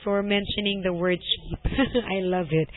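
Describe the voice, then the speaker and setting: A woman teaching an English lesson over a call, patient and gently correcting, laughing often. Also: mid-range voice, takes it slowly. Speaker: English tutor. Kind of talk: online one-to-one language lesson. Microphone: video call. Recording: tinny call audio.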